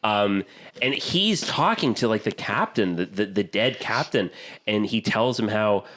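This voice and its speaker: A man hosting a casual podcast, retelling a movie scene by scene with animated energy. His voice sits a little low for a man, and he jumps quickly between asides. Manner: animated storytelling, quick asides, acts out quotes. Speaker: podcast host. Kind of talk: casual chat.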